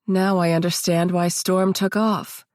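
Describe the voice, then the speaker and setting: A woman's voice: on the low side, little pitch movement, unhurried, darkish tone, no room sound, studio quality, close to an everyday voice. A woman voicing a firm, urgent female friend.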